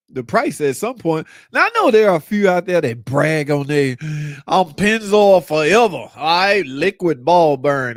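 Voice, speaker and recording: A man's voice: on the high side, dry recording. A man with a slightly raised voice hosts a casual live car-talk stream. He goes through viewer comments in loose slang and jokes with them. The sound is close and dry, with no room around it. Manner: loose, slangy, joking banter. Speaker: car channel host.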